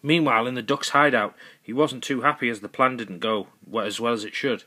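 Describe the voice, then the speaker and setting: A man's voice: mid-range voice, a little fast, pushed and bright. A man improvising a goofy, rambling comic story as narrator, correcting himself as he goes.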